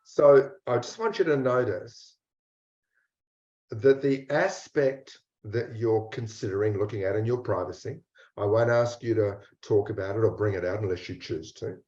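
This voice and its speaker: A man's voice: fairly low pitch, a little mellow. Male coach guiding a reflection, intimate and blunt, roomy room tone. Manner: slow, repetitive, intimate, blunt at times. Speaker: mindset coach. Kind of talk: guided reflection talk. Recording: roomy dull lo-fi recording.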